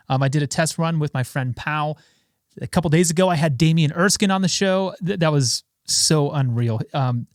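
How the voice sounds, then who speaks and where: A man's voice: fairly high pitch, dry recording, clean studio sound. Breathless, chatty streamer man. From Los Angeles. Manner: loose, chatty, talks to viewers by name. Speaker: streamer and session bassist. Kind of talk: casual live-stream chat. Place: home studio. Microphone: studio microphone.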